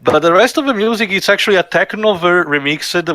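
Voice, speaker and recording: A man chatting over a friend's game, working through thoughts with pauses and fillers. His tone is bright and forward, recorded dry and close. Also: high voice, dry recording. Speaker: co-host commentator. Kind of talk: let's play banter.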